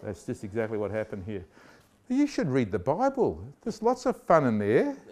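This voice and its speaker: A man preaching a lively sermon, joking and acting out voices and scenes for the congregation. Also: medium pitch, moderate pace. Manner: animated, jokey, acts out voices.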